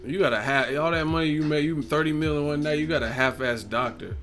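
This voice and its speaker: A man's voice: fairly high pitch, fast, fairly bright tone, faint music behind. A man hosting a live stream, chatting casually, joking, swearing and laughing a lot.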